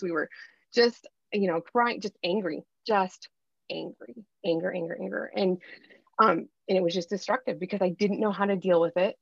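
A woman in her thirties talks candidly as a podcast guest, with animated storytelling. Her voice sounds dry and close, with no room around it. The audio is dull and lo-fi. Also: mid-range voice, dry recording. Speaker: guest, life coach. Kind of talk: podcast interview.

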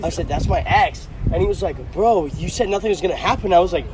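A man recounting a night out in a fast, excited way, recorded on a phone in a crowded bar. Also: noisy background. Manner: excited, fast, high-pitched retelling. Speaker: person in the story, played audio. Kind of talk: recorded casual conversation. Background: loud crowd chatter.

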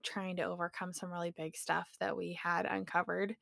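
A woman co-hosting a podcast, talking in a measured, logical and reflective way during casual conversation. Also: on the low side, little pitch movement, gravelly, fairly bright tone, no echo, studio quality. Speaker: podcast co-host. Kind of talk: casual chat.

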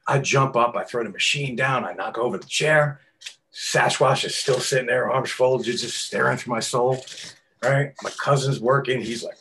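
A middle-aged man, a tattoo artist telling stories in an interview, swearing often and acting out quotes loudly. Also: medium pitch, normal speed, slight background noise. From New York. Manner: animated, profane storyteller who acts out quotes loudly. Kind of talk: casual storytelling interview.

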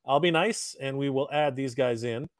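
A man's voice: medium pitch, moderate pace, no echo, studio quality. A man co-hosting a casual toy livestream, running giveaway spins, laughing often and swearing casually.

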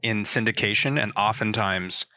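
A man on a podcast panel in casual chat, adding quick animated comments. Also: on the low side.

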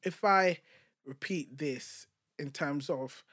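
A man chats as a podcast co-host, his voice sitting high and sounding bright and forceful. He tells his stories animatedly, often starting a sentence over before pushing through. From United Kingdom. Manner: animated, storytelling with quick restarts. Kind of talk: casual chat.

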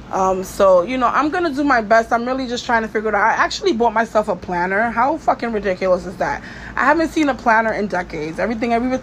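A woman's voice: a little high, slight background noise. A woman hosting her own podcast, venting in a casual, blunt and profane way, with lots of "you know" fillers. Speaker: podcast host.

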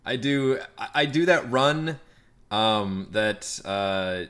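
A man's voice: on the low side, lively intonation, takes it slowly, a bit bright, clean tone. A man playing a tabletop game who jokes and laughs as he describes his character's actions. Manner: laughing, joking. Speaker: player. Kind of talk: casual chat at a tabletop game.

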